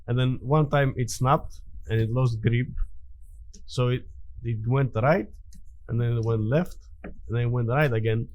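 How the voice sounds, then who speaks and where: A man's voice: medium pitch, no room sound, dull audio. A man telling a story in casual chat, rambling with many fillers and restarts. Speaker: podcast guest.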